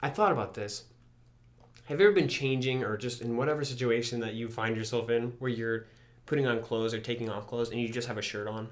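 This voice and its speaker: A man's voice: mid-range voice, a little fast. A young man co-hosting a podcast in casual chat, laughing often and swearing freely. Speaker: podcast co-host.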